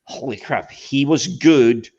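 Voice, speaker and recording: Animated man on dull lo-fi audio. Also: mid-range voice, slow. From Scandinavia. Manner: animated, stammering restarts, laughs while talking. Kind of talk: casual chat.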